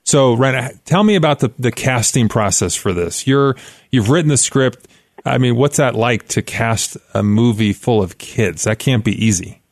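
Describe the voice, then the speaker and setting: Dude hosting an interview, easygoing questions, dry close mic. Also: male voice, medium pitch, normal speed, no room sound. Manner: friendly conversational questioning. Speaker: interview host. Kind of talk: podcast interview.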